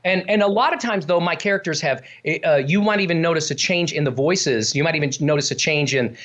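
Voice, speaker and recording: A man's voice: on the high side, fairly quick, a bit bright. A middle-aged man speaking as a guest over a video call. He rambles casually with lots of restarts and drops into little character voices as he explains. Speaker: ventriloquist guest. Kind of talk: casual interview chat.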